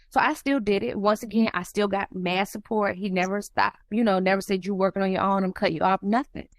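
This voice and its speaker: A woman's voice: fairly quick, hardly any pauses, no echo. Woman on a podcast, retelling family drama, voice jumps way up when she quotes people, dry close sound. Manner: animated, acts out quoted dialogue with rising pitch. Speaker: podcast host. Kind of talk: emotional personal storytelling.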